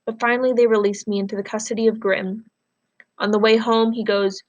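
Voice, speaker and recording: A woman teacher reading a novel aloud to her class, pausing to explain words and ask questions. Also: fairly high pitch, little pitch movement.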